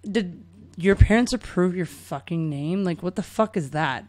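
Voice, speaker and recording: A woman's voice: lowish voice, normal speed, a little mellow. Blunt, swearing woman reacting to a clip. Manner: blunt, swears freely, incredulous. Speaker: podcast co-host. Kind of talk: casual reaction chat.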